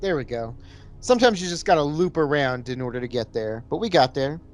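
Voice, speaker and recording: A man's voice: a little high, lively intonation, fairly quick. A man co-hosting a podcast, describing a beer in a laid-back, rambling way. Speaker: podcast co-host reviewing beer. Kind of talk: casual chat.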